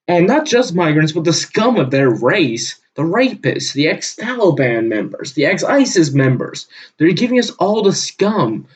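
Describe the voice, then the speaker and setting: Heated ranting man, slow and lively. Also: high voice. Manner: heated, profane ranting with sudden loud bursts. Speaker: channel host. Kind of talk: solo ranting monologue. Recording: dull lo-fi recording.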